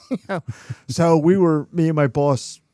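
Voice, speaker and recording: A man's voice: a little high, unhurried, mellow, no room sound, studio quality. A man with a Philadelphia accent co-hosting a casual podcast, joking and laughing often and mimicking accents. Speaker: podcast co-host. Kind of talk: casual chat.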